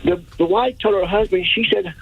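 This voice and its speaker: A man's voice: sits high, a little fast, vocal fry, husky, no echo. A man calling a radio show, friendly and rambling, repeating himself as he tells a story. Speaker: radio caller. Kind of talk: call-in phone chat, telling a joke. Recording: tinny phone line with faint hiss.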